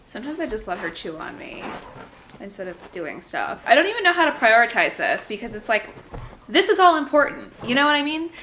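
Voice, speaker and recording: A woman's voice: on the high side, wildly swooping pitch, fairly quick, bright, forceful tone, slight background noise. A young woman vlogging at home, chatting casually to the camera with lots of "like" and asides to her dog. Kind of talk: casual vlog chat to camera. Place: at home indoors.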